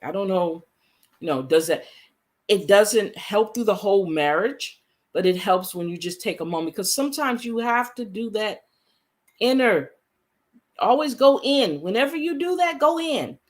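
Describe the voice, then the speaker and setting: A woman's voice: medium pitch, lively intonation, moderate pace. Earnest woman talking casually to viewers. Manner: earnest, conversational, repeats points for emphasis. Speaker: vlogger. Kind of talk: casual talk to camera.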